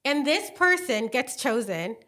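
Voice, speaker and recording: A woman co-hosting a podcast, telling a story in a lively, gushing way with lots of fillers and acted-out quotes. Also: high-pitched, unhurried, slight background noise. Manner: animated, gushing storyteller who acts out quotes. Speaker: podcast co-host. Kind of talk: casual chat.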